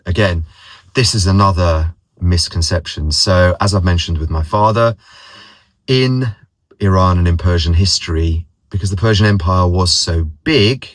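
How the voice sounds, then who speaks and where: Casual vlogger: man, very low voice, dry close sound, rambling anecdotes. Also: moderate pace, no echo. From London, England. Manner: rambling, repeats words, mimics others' voices in anecdotes. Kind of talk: casual personal storytelling.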